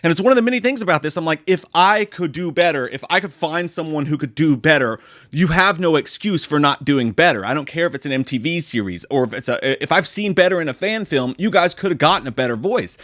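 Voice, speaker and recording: A movie reviewer rants through a review of a TV series, exasperated and sarcastic, with constant swearing, in a profane comedic style. His voice sits fairly high, with lively intonation, a quick pace and a fairly bright tone. The studio-quality recording has no echo.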